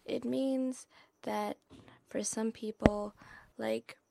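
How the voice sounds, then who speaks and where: A woman's voice: fairly high pitch, fairly even intonation, slow, vocal fry, pauses often, mellow, a little hiss or hum. A woman co-hosting a casual podcast, giggly and patient as she explains things. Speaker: podcast co-host. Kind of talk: casual chat.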